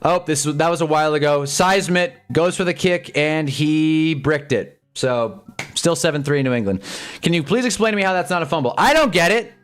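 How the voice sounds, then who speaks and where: A young man commentating live on football games for his stream, ranting at the refs and reacting fast to each play. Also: a little high, a little hiss or hum. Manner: frustrated, ranting, quick reactions. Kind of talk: live sports watch-along commentary.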